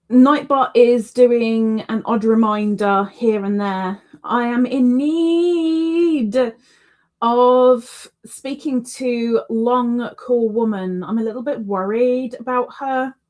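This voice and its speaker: A woman's voice: on the high side, steady tone, slow pace, a little mellow. A woman hosting a casual livestream, chatty and repeating words for emphasis. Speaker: livestream host.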